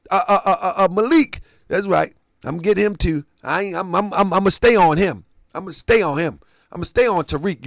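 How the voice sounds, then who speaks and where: A man with a high, gravelly voice tells a story in casual commentary, his pitch leaping up and down as he acts out both sides of a conversation. He keeps checking that the listener follows along. The recording is dry and close. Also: dry recording. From Baltimore area. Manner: conversational, retells dialogue, asks listener to follow. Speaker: online show host.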